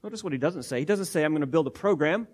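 A male pastor delivers a verse-by-verse sermon, leaning hard on single words and repeating phrases for weight. His voice sits a little higher than most men's. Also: lively intonation, very fast. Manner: emphatic, word-by-word teaching with repetitions. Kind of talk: expository sermon.

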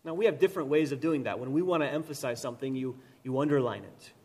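A man preaching a sermon, swinging from loud emphatic repetition to quiet, slow lines, with touches of gentle humor. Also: mid-range voice, breathy edge. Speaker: pastor.

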